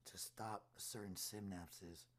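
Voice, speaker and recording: Brief: deep, husky man, animated storyteller, casual podcast chat. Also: takes it slowly. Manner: animated storyteller acting out quotes.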